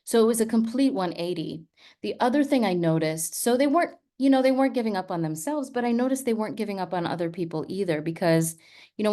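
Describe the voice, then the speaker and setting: A woman who teaches, giving a talk full of stories and often checking in with her listeners. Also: mid-range voice. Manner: lively storytelling with frequent "right?" asides. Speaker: teacher and speaker. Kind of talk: storytelling talk.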